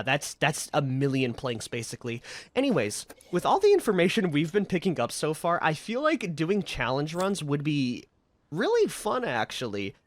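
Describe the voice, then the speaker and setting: A man giving casual, excitable commentary as he plays a video game. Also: mid-range voice. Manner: chatty, excitable reactions. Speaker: gaming video creator.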